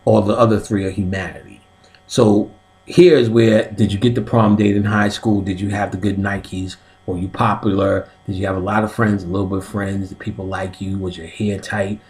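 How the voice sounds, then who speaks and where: A man with a fairly low, level, slightly mellow voice speaks at normal speed. He delivers a stand-up style comic lecture on spiritual and occult topics, explaining things step by step like a teacher while swearing freely and often asking "you know what I'm saying."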